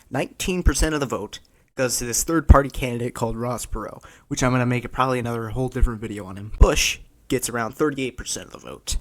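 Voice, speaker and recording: Tired, rambling man doing political commentary. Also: mid-range voice. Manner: rambling, sarcastic, self-interrupting.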